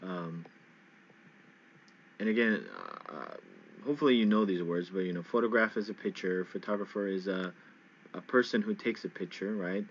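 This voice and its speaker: Low-voiced man teaching English patiently. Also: a little hiss or hum. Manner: patient, repeats words slowly for learners. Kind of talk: casual spoken lesson. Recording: dull lo-fi sound.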